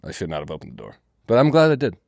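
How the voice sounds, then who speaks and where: A man's voice: deep voice, very fast, creaky, no room sound, clean studio sound. A young man co-hosting a podcast, telling a story in casual chat, swearing and acting out the people he quotes. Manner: animated, swears a lot, acts out quotes. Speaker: comedian podcast co-host.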